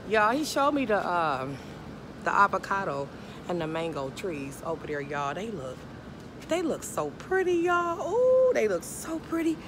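A woman's voice: on the low side, noisy background. A woman, vlogging casually in a chatty, dramatic, self-mocking way, out of breath. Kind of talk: casual vlog talking to viewers. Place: outdoors by a pool.

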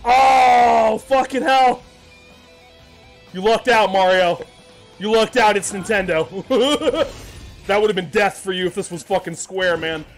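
A man doing live reaction commentary, excitable and loud, shouting and swearing with faint trailer music behind him. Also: high-pitched, unhurried, long pauses. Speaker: video creator reacting to a reveal.

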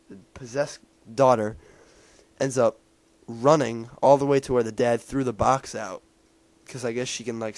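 A man's voice: mid-range voice, no room sound. A man casually recapping a movie he just saw, rambling with many fillers and restarts. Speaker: movie reviewer.

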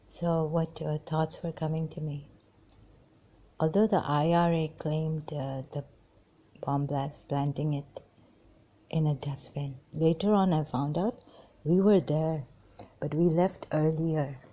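Slow, hesitant low-voiced woman. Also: fairly even intonation, mellow. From Pakistan. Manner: hesitant, many pauses and apologies, trails off. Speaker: vlogger recounting memories. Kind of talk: halting personal monologue.

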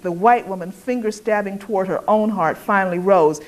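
A woman reading literary fiction aloud at a poetry event, measured and expressive. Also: medium pitch. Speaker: reader.

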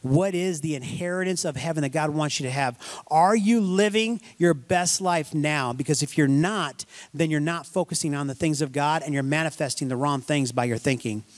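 A man's voice: a little high, moderate pace. A man preaching a sermon as pastor, emphatic and folksy, repeating words for stress.

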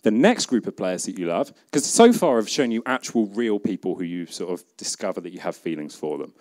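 A man's voice: deep voice, sing-song, fairly quick, darkish tone. A man with a British accent giving a humorous conference talk, chatty and jokey, acting out bits of imagined dialogue. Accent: British English. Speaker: conference speaker. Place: conference event.

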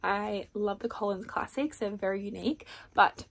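A woman's voice: mid-range voice, moderate pace, gravelly, a little hiss or hum. A young woman chatting casually to camera about her reading, candid and full of little fillers. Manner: chatty, candid, peppered with "like" and "I don't know". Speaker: book vlogger. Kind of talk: casual reading vlog chat.

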